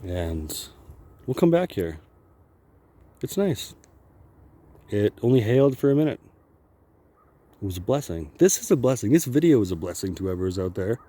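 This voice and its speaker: A man's voice: lowish voice, big pitch swings, normal speed, pauses often, dark tone. A man talking in a rambling, profane monologue while walking outdoors on a wooded path, filming himself with a handheld camera. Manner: rambling, profane, laughs often. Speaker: vlogger.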